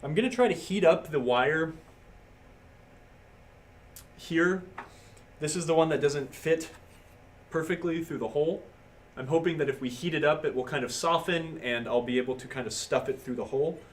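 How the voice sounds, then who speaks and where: A man's voice: on the high side, moderate pace, long pauses, slight background noise. A man hosting a live stream, casually explaining a circuit board repair step by step as he works and chats with viewers. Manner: casual, step-by-step narration while working, reads chat. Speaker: livestream host doing pinball repair. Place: workbench.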